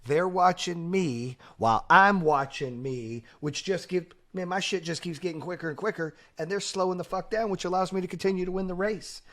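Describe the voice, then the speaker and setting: A male podcast host talking in a blunt, fired-up way, swearing freely. His voice sits somewhat high for a man. He talks in casual chat. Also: moderate pace, few pauses, fairly bright tone.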